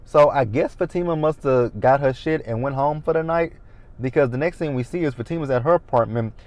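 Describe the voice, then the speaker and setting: A man's voice: mid-range voice, brisk, darkish tone, no room sound. A man in his thirties recapping a TV episode in a casual, blunt and opinionated way. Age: 30s. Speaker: TV recap host.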